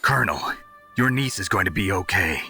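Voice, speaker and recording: An actor playing a gruff male soldier hero who speaks in terse, dry one-liners. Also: low-pitched, lively intonation, brisk, music in the background. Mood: steady.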